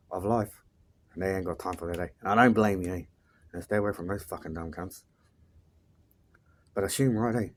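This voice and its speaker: Blunt, swearing New man, low voice. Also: slight background noise. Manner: blunt and profane, tags sentences with "eh". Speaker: life coach. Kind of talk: casual motivational monologue.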